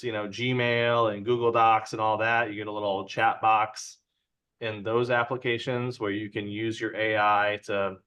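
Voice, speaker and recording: A man's voice: fairly low pitch, smooth. Chatty man presenting on a video call. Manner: relaxed and chatty, checks in with the audience. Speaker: presenter at a user group meeting. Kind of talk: casual tech talk. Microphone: video call from home.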